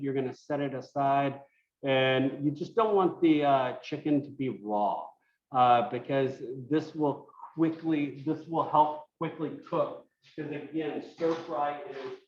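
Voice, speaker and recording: Man teaching a cooking class on a call. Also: a little high. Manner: relaxed, thinking aloud with many fillers. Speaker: cooking instructor. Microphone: video call. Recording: roomy lo-fi video call audio.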